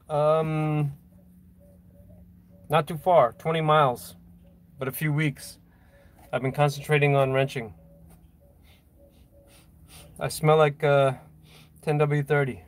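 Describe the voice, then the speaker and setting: A man's voice: a little high, steady tone, slow, pauses often. A man chatting casually on a phone livestream from a boatyard, reading viewer comments in a rambling, self-deprecating way with frequent chuckles. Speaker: vlogger hosting a livestream. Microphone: phone held in hand.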